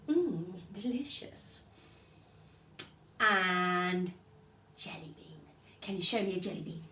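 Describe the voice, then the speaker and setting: A woman teaching a drama session to young children, giving animated, coaxing instructions and encouragement. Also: on the low side, unhurried, distant mic, a little hiss or hum. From United Kingdom.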